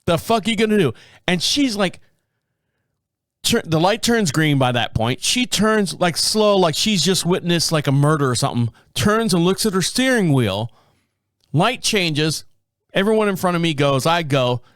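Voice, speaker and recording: Brief: man around 50, podcast host, crude storyteller, somewhat high voice, lively delivery, dry sound. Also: a little slow, no echo. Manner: profane, animated, self-mocking anecdote telling. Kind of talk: casual storytelling.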